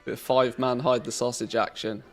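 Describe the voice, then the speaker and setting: A man's voice: medium pitch, flat delivery, fairly quick, faint music behind. A man chatting loosely and joking as he streams a game, swearing now and then. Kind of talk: casual live-stream commentary.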